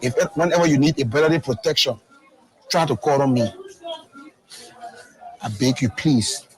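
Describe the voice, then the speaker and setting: A man's voice: mid-range voice, normal speed, rough recording. Pleading man, faint music. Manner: pleading, remorseful. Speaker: former fighter giving testimony. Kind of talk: emotional testimony.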